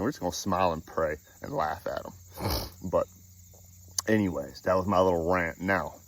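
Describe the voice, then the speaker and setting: A man in his thirties with a deep, low voice talks outdoors in the countryside, sniffly from a cold. His spiritual talk is unscripted, rambling and heartfelt. He often stops and restarts his sentences. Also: poor audio. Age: 30s. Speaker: faith vlogger.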